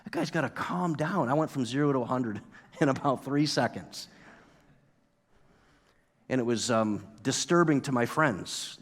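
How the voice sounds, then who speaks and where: A pastor from New York giving a sermon, telling a story and acting out his own past outburst with lively energy. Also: mid-range voice. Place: church sanctuary. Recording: long reverb of a church hall.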